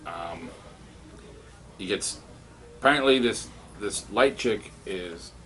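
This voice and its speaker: A man giving a casual spoken review of comics, excitable and rambling, with many restarts. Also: on the low side, slow, a little hiss or hum.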